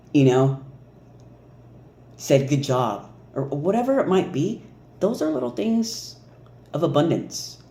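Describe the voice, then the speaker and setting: Animated man reading oracle cards. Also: on the high side. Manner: animated, laughing, mimics reactions. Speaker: oracle card reader. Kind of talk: casual spiritual card reading. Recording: echoey room with faint noise.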